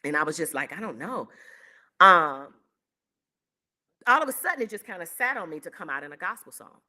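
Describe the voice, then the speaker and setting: A woman's voice: lowish voice, big pitch swings, fairly quick, bright, forceful tone. A woman hosting her own online show, telling a personal story to her viewers in a candid, emotional way. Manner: candid and emotional, acts out quoted voices.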